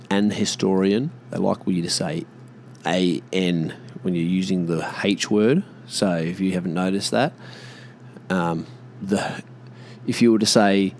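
A man's voice: sits low, a little mellow, slight background noise. A man ranting casually to camera, exasperated and swearing, spelling words out letter by letter.

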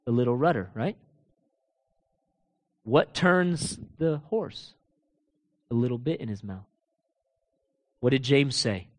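Slowly and with long pauses, a man delivers a sermon full of rhetorical questions. He shifts between loud proclaiming and low, quiet emphasis, laughing and chatting casually with the congregation in asides.

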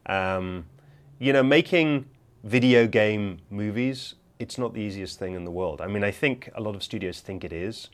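A man answering interview questions in a measured, explanatory way, with frequent fillers. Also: lowish voice. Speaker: filmmaker in an interview clip.

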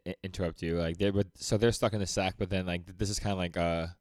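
A man co-hosting a podcast, reacting to manga with quick, stammering remarks full of "like" and "honestly.". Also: deep voice, fairly even intonation, no echo, clean studio sound. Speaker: podcast co-host. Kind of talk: casual manga discussion.

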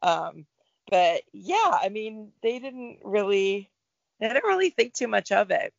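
A middle-aged woman, a guest actor, talking in a relaxed, reflective interview about her career. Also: mid-range voice, a little slow, vocal fry, no echo, dull audio. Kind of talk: casual interview chat.

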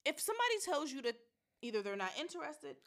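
A woman co-hosting a casual podcast chat, an animated storyteller who laughs often. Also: high voice, fast. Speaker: podcast co-host.

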